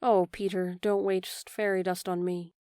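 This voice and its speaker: A woman voicing a grown mother, soft and tender, in a storybook reading. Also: mid-range voice, level tone, measured pace, dry recording, studio quality, close to an everyday voice. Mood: faltering.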